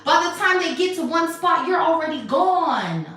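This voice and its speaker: A woman's voice: very high-pitched, lively intonation, moderate pace, a bit bright, far from the mic. A woman giving a spiritual tarot reading, blunt, sassy and emphatic, often swearing. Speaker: tarot reader. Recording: very echoey room, off mic, faint music.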